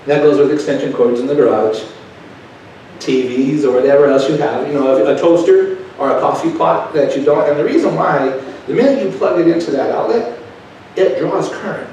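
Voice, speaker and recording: A man's voice: on the high side, moderate pace, darkish tone, slight background noise. A middle-aged man preaching a sermon, telling personal stories in a folksy, conversational way and asking the crowd questions. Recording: echoey hall, taken from far off.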